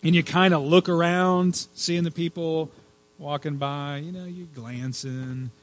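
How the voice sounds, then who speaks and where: A man's voice: fairly high pitch, steady tone, measured pace, rough recording. A male pastor giving a sermon in a conversational way, with frequent fillers and repeated words.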